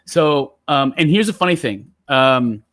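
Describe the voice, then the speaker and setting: A man telling stories in relaxed, casual chat as a guest poet, with lots of fillers. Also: medium pitch, a little slow, no room sound, studio quality. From San Jose area. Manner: relaxed, chatty storyteller with many fillers.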